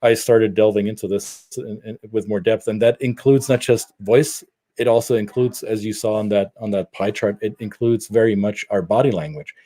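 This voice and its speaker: A middle-aged man from Germany, telling stories in a casual podcast chat, animated and prone to restarts. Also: on the low side, normal speed. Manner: animated storyteller with frequent restarts. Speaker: podcast co-host.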